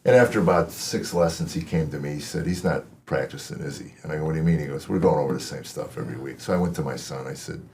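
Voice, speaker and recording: A man's voice: a bass voice, quick pace, few pauses, a little mellow, a little hiss or hum. A middle-aged man hosting a comedy podcast, rambling through stories and laughing at his own tales. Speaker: podcast host.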